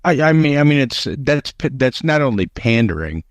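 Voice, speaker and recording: A man's voice: medium pitch, very animated, moderate pace, no room sound. A man co-hosting a casual political talk show, emphatic and opinionated, often restarting his sentences. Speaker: co-host.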